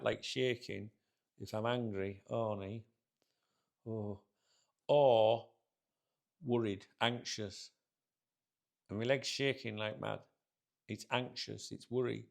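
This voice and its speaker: A middle-aged man rants to camera in a rambling, swearing, grumbling way. His voice sits a little low and is heavily gravelly. He talks casually, like a football channel host sat in his chair.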